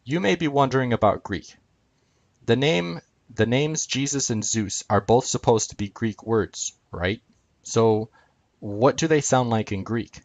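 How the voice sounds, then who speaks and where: A man's voice: mid-range voice, a little slow, dry recording. A man explaining a chart on screen, talking hesitantly with many filler sounds. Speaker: video presenter.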